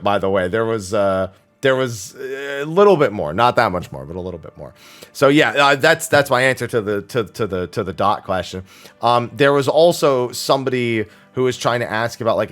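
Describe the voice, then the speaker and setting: A streamer answers viewer questions in a weekly Q&A, chatting casually and rambling with plenty of fillers, restarts and casual swearing. His voice is lowish with a fairly bright tone.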